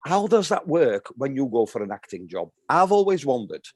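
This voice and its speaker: A man's voice: mid-range voice, sing-song, moderate pace, breathy edge, dry recording, studio quality. A male podcast co-host in casual chat, asking a long rambling question full of fillers.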